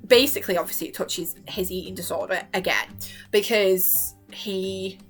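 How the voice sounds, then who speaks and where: A woman's voice: mid-range voice, fairly even intonation, normal speed, faint music behind. A woman rambling casually about a TV series, gushing and emotional, with filler words and sudden squeals when she quotes her own reactions. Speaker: vlogger reviewing a TV series.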